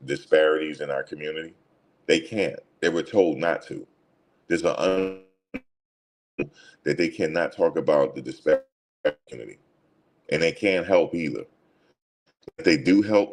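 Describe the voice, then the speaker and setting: A man's voice: a bass voice, darkish tone. A man giving blunt, casual opinions straight to his listeners, repeating himself for emphasis and calling them y'all. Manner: addresses listeners directly as y'all.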